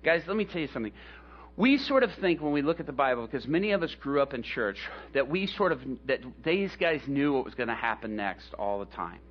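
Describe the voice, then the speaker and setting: A man who is a pastor, telling a story in a sermon in an animated way, acting out voices and chuckling as he goes. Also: medium pitch, a little fast. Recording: dull lo-fi recording with faint hum.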